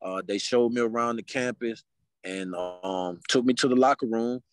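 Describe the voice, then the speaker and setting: A man's voice: medium pitch, normal speed, smooth, dry recording. A man from Mobile, Alabama, a podcast guest telling a story in casual chat and acting out the dialogue in it. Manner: animated, acts out dialogue in quotes.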